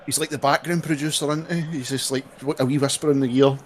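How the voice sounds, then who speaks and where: A man's voice: mid-range voice, steady tone, fast, slight background noise. A man chatting and teasing on a football watch-along, often laughing. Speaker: podcast co-host. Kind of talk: casual match watch-along chat.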